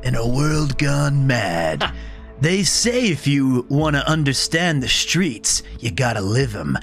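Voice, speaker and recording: A man putting on a dramatic male movie-trailer narrator voice, slow and grave. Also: sing-song, a bit bright, faint music behind, heavily acted. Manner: slow, deep, grave delivery.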